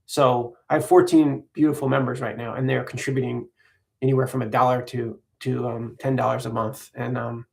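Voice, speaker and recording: A man from the United States talks straight to his livestream viewers in a loose, rambling way. His voice has a gravelly, fry-tinged edge at a middle pitch. He sounds earnest and unscripted. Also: little pitch movement, moderate pace, a little mellow. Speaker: parody channel host. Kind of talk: casual livestream chat.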